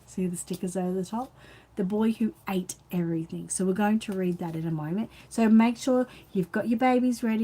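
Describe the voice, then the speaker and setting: A woman's voice: medium pitch, normal speed, dark tone. An Australian woman hosting a casual live chat, rambling and reading out viewer comments while tired and yawning. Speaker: channel host.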